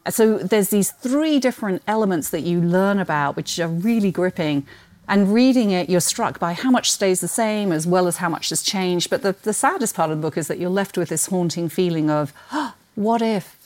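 A woman's voice: on the low side, animated, normal speed, a little mellow. British woman with an Australian twang. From Britain. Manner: enthusiastic storyteller, laughs often. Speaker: guest, book marketing executive. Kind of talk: casual podcast conversation.

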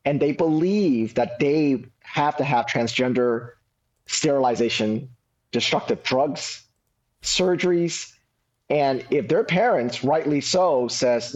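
A man's voice: fairly high pitch, expressive, a little slow, a little mellow. A male interview guest with a mid-range voice who talks in an earnest, explanatory way. He comes through a dull, somewhat muffled remote line. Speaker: guest, advocacy group leader.

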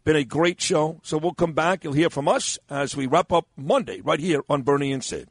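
A man hosting a morning talk radio show, brash and teasing in quick banter, on a studio microphone. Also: fairly high pitch, husky, no echo.

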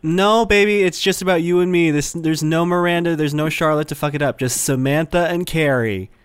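A man's voice: fairly high pitch, brisk, smooth, dry recording. A man co-hosting a comedy call-in show, trading campy, sassy quips. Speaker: co-host. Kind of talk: crude comedic banter.

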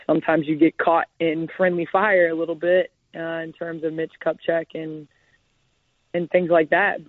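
A woman guest answering interview questions in a measured way, with some hesitant restarts. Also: low voice, dry recording. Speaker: guest athlete. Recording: tinny phone line.

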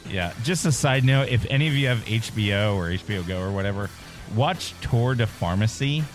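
A man's voice: fairly low pitch, lively intonation, fairly quick, music in the background. A man co-hosting a casual podcast, chatting through news items with jokes. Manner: chatty, joking. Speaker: podcast co-host reading news. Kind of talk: casual chat.

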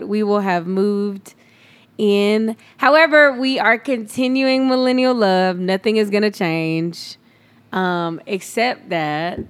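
A woman's voice: medium pitch, clear, resonant tone. A young woman co-hosting a podcast in chatty, teasing conversation, laughing often. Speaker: podcast co-host. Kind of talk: casual chat.

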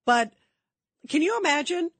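A woman's voice: high-pitched, lively intonation, unhurried, fairly bright tone, no echo. A woman hosting a talk radio call-in show, speaking in an indignant, emphatic way.

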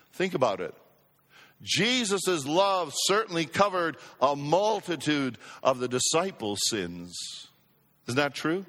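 Man, pastor, sermon, high voice, slow emphatic delivery, congregation call-outs, long church-hall reverb. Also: sing-song, a bit bright. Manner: emphatic, repeats phrases for effect, calls for congregation response. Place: church sanctuary.

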